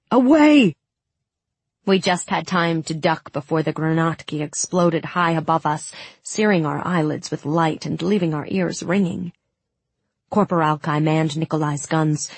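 Low husky woman narrating urgently. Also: dry recording. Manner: urgent, tense storytelling with sudden shouted lines. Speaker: audiobook narrator. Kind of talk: scripted first-person narration.

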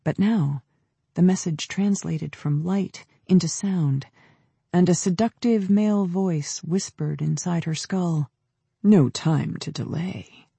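A man narrating an audiobook in a measured, descriptive storytelling manner. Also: high voice, gravelly, mellow, husky, dry recording. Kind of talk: scripted narration.

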